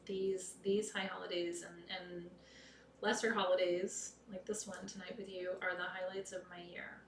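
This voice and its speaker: Woman ritual leader, lowish voice, soft and heartfelt, recorded from a distance in an echoey room. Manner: soft, heartfelt, intimate, often dropping to a whisper. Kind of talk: leading an online pagan ritual. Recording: echoey room, distant mic, faint noise.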